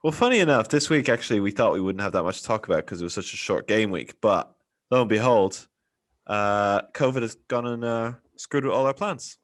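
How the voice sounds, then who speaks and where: A man's voice: fairly low pitch, animated, fairly quick. A man hosting a casual football podcast, chatty and laughing often. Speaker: podcast host. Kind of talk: casual chat.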